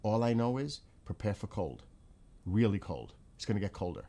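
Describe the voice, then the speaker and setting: Low-voiced man, chatty livestream host. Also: sing-song, moderate pace, mellow. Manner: exclaims in astonishment, repeats himself. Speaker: livestream host reading chat. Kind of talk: casual live chat.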